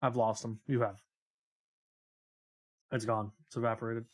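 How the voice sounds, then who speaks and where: A man's voice: medium pitch, level tone, a little slow, soft background music. A man live-streaming a video game, chatting casually with viewers in a profane, rambling, joking way.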